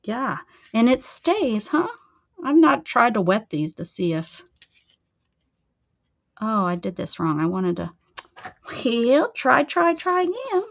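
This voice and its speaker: A woman chats her way through a craft project on a livestream, playful and talking straight to her viewers. Her voice sits fairly high and bounces lively up and down, with an unhurried, drawn-out delivery. The audio is dull and lo-fi. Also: vocal fry. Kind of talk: casual live crafting chat.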